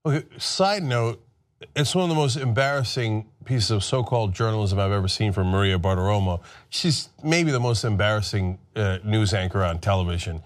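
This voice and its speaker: A man's voice: on the low side, animated, brisk. A man hosting political commentary, ranting sarcastically and mocking others in put-on voices.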